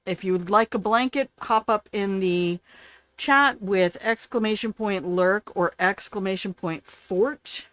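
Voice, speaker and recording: A woman's voice: mid-range voice, unhurried, a bit bright, no room sound. An older woman hosting a live game stream, chatting playfully and answering her chat as she plays.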